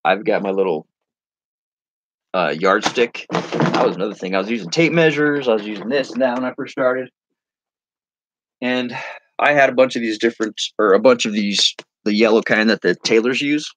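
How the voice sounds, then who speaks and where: A man hosting a casual live stream, rambling and joking as he reads viewer comments, with sudden playful jumps into a high voice. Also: moderate pace, pauses often, a bit bright. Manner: silly, playful with sudden high-pitched bursts.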